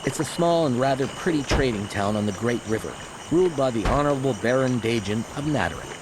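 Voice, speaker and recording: An actor playing a friendly, weathered ship captain in a fantasy game, speaking in measured storytelling dialogue. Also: male voice, mid-range voice, expressive, background noise, lightly acted.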